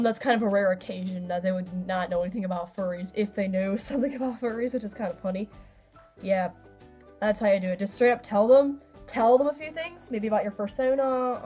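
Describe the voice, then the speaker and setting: A young woman giving casual advice in a vlog, chatty and laughing often, her pitch swinging up and down. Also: darkish tone. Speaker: vlogger.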